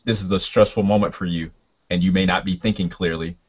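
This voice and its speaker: A man voicing a stern male space knight of an empire, speaking formally and halting with fillers, in a dull lo-fi recording. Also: low voice, steady tone.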